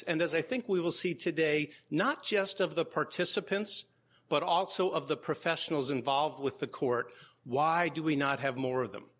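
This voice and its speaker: A man's voice: on the high side, a bit bright. A man, a law professor, giving opening remarks to a live audience in a lecture room, with wry humorous asides. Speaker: law professor and conference co-organizer.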